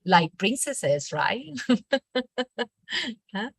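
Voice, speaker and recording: A woman's voice: lowish voice, very slow, dry recording, soft background music. Colombian woman reading a storybook aloud. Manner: expressive, animated read-aloud with acted character lines. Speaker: teacher leading a reading workshop.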